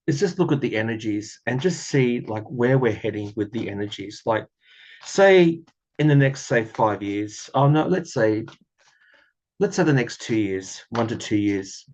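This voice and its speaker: A man's voice: medium pitch, darkish tone, breathy edge, highs cut off. Earnest rambling male tarot reader. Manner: rambling, earnest, chatty with self-deprecating laughs. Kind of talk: casual tarot reading vlog.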